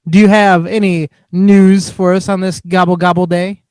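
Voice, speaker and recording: A man's voice: sits high, level tone, moderate pace, a little mellow, smooth. A man co-hosting a casual podcast, joking and laughing often as he chats. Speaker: podcast co-host. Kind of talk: casual chat.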